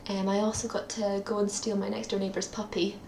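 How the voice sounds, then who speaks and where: A woman's voice: medium pitch, little pitch movement, fairly quick, gravelly, roomy sound, background noise. A young woman with a Scottish accent, chatting in a rambling, self-deprecating way for her daily video diary, with lots of ums. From Scotland. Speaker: vlogger. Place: at her parents' home, indoors.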